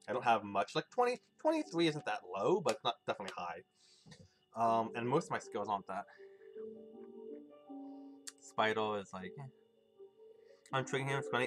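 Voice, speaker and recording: A man's voice: mid-range voice, lively intonation, a little fast, long pauses, fairly bright tone, soft background music. A young man streaming a video game, rambling loosely and chuckling as he chats with his viewers. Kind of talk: casual live gameplay commentary.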